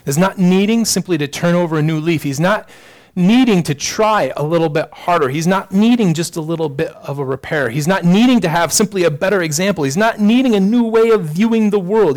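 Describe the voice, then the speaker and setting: A man's voice: high voice, a little mellow. A man preaching a sermon as pastor, addressing the congregation directly with earnest rhetorical questions.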